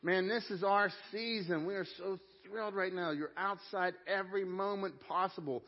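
A middle-aged pastor with a high-pitched voice preaches a sermon in a church sanctuary, keeping a steady tone and moderate pace. He speaks conversationally but emphatically, addressing the congregation directly. The recording has a dull, lo-fi sound.

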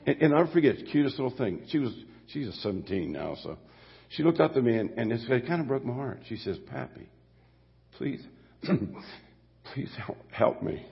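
Gravelly older pastor preaching in a hall. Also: male voice, mid-range voice, sing-song, fast talker. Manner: folksy, rambling, with frequent restarts and asides. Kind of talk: sermon. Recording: dull lo-fi audio with long hall reverb.

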